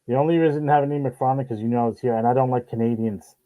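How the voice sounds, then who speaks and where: A man's voice: mid-range voice, steady tone, very fast, phone-quality sound, close to an everyday voice. A man putting on the voice of a boastful, self-important male politician who brags and repeats himself. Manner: bragging, repetitive, dismissive of others.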